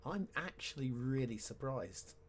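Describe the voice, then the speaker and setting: A man's voice: medium pitch, lively intonation, measured pace. A man giving casual let's-play commentary, chatty and wry with sarcastic asides. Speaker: game commentator.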